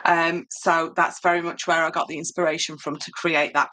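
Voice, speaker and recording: A chatty Yorkshire woman leading a live papercraft tutorial, answering viewers as she works. Her voice sits low for a woman yet has a bright, forceful edge. She talks casually, with plenty of ums and restarts. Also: level tone, normal speed. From Yorkshire, England.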